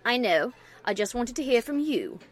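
A woman voicing an anxious, pushy older mare mother, speaking in a louder, insistent way. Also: on the high side, big pitch swings, moderate pace.

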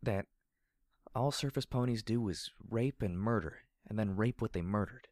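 A man voicing a fragile young female pegasus soldier, speaking in a soft, buzzing drawl that turns shaky and halting. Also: on the low side, dry recording, clean studio sound, pitched above the performer's own voice, natural voice. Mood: shaky, distressed. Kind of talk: audiobook character reading.

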